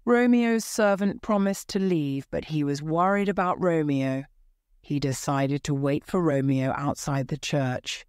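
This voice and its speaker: Woman, low pitch, slow careful storytelling, smooth clear voice, dry close sound. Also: darkish tone, no echo. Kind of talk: slow graded-reader narration for English learners.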